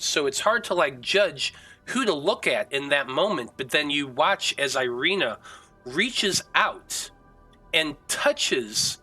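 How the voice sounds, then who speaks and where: A man's voice: medium pitch, sharp tone, slightly rough, rough recording. A man narrating a tabletop game as game master, describing scenes vividly.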